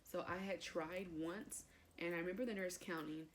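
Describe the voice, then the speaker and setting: A woman's voice: fairly low pitch, fairly even intonation, normal speed, slight background noise. A young woman vlogger telling a personal story to camera in a chatty, emotional way, with lots of fillers.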